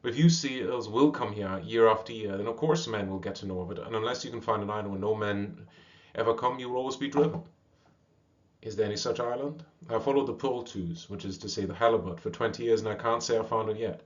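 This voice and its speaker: Guy doing a know-it-all old sea lion, low voice, lo-fi. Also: quick pace, close to an everyday voice. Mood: advising. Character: older male sea lion, wise and patronizing.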